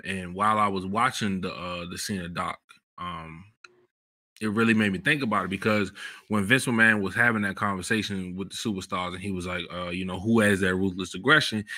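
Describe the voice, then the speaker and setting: A man hosting a podcast, talking in a relaxed, slangy way about wrestling memories, jumping up in pitch when excited. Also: no room sound, clean studio sound. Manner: relaxed slangy storytelling, bursts of high excitement. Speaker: podcast host. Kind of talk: casual chat.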